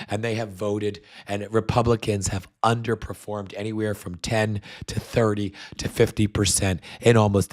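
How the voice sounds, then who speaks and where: Profane ranting male political host. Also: fairly low pitch. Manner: profane and scornful, many fillers and restarts. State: recovering from a cold. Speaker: podcast host. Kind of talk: political commentary rant.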